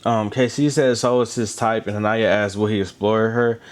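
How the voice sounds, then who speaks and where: Casual male recap host with a low voice, animated delivery, chatty asides. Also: moderate pace. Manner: animated, chatty, with asides about drinking water and lotion. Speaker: reality show recap host.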